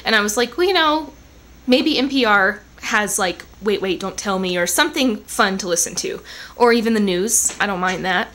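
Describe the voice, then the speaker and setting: A young woman chatting to camera in her living room, rambling and animated with lots of asides. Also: a little high. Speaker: vlogger. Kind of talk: casual chat to camera.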